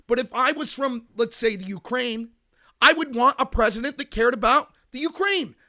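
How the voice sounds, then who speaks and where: A man's voice: very high-pitched, expressive, normal speed, pushed and bright. An American man hosting a political commentary show, ranting emphatically and answering his chat. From United States. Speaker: podcast host.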